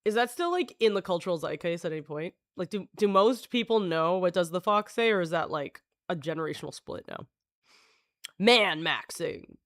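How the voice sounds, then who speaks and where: A woman's voice: fairly low pitch, animated, a little fast, few pauses, no echo, studio quality. A woman live streamer chatting with her viewers in a rambling, jokey way, often breaking off and restarting her sentences. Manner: jokey, scattered, full of restarts and self-interruptions.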